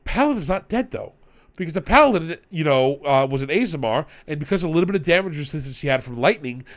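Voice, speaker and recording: A man's voice: a little high, fast talker. A man hosting a podcast, telling a tabletop game story in casual chat and retelling his players' lines. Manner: animated, retells players in quoted voices. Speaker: podcast host and game master.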